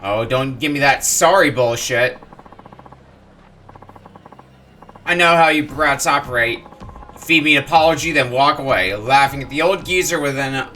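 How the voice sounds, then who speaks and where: A man's voice: medium pitch, moderate pace, sharp tone, a little hiss or hum, close to an everyday voice. A man voicing a bullying, crude thug samurai, sneering and threatening as he reads game dialogue aloud. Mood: irate. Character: bullying middle-aged male thug samurai.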